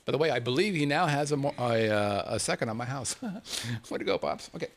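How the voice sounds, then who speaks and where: A male podcast host in casual chat who jokes crudely and laughs often. His pitch moves freely up and down. There is faint noise behind him. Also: animated, fairly quick.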